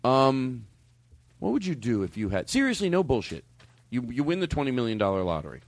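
A man's voice: mid-range voice, huge pitch swings, brisk, no echo. A man hosting a podcast in casual chat, joking and rambling with self-mocking asides. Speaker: podcast host.

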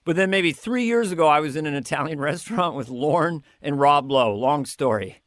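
A man in casual conversation, telling show-business stories in an animated way and slipping into impressions. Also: on the high side, moderate pace, no echo, studio quality. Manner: animated storyteller who slips into impressions. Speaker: comedian guest recalling sketch work.

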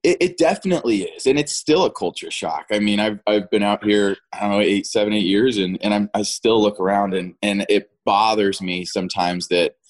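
A man's voice: on the low side, fairly quick, few pauses. A man in his thirties, an actor guest in a casual interview, rambling and repeating words as he talks, often laughing.

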